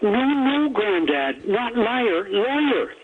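A man's voice: high voice, sing-song, slow pace, slight background noise, pitched above the performer's own voice, exaggerated voice. A man on a phone line voicing an earnest young grandson who insists he is a lawyer. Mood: protesting.

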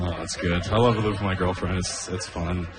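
A man in his thirties doing a stand-up set at an open mic, deadpan and self-deprecating with trailing asides. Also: low-pitched, fairly quick, a crowd in the background. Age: 30s. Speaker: stand-up comedian. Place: open mic stage in a room. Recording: echoey room with long reverb.

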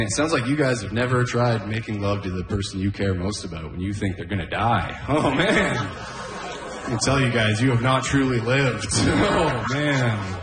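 A man's voice: on the low side, fairly bright tone. A man doing a stand-up comedy set on stage, often laughing at his own jokes and saying "oh, man" between bits. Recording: echoey club room.

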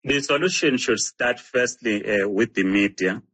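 A man answering as a guest commentator, measured and a little hesitant. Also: medium pitch, a bit bright, husky. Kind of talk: interview answer.

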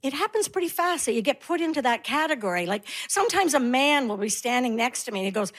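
Wry high-voiced woman in her sixties doing stand-up. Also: lively intonation, background noise. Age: 60s. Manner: wry, punchy delivery with quick asides. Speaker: stand-up comedian. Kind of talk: stand-up comedy set.

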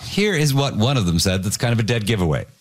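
A man's voice: on the low side, sing-song, fast. A man hosting a comedy panel show, reading headlines and dryly quizzing the panelists. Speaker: host.

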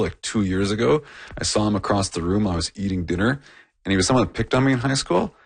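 A man with a low, slightly husky voice co-hosts a podcast. He chats candidly and tells personal stories. The sound is dry and close. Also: no echo. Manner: candid, anecdotal. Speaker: podcast co-host. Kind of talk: conversational chat.

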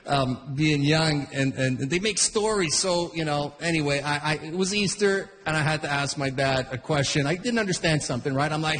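High-voiced rambling male comedian. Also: normal speed, few pauses, a bit bright, big-room sound. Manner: rambling, filler-heavy, self-interrupting. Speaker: stand-up comedian. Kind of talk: stand-up storytelling. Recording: noisy background.

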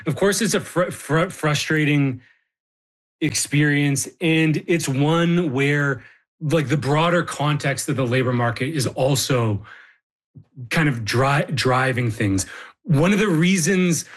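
A man with a slightly raised voice speaks as a radio panel guest. He stumbles and restarts words often as he works through the point. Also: a little high. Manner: halting, repeated stammering restarts. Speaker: labor market panel guest.

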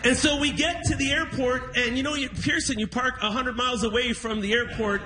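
A male stand-up comedian with a high, bright, ringing voice tells a story on a music hall stage. He is animated, acting out the people in his story as he goes. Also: fairly quick, slight background noise. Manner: animated storyteller, acts out quotes.

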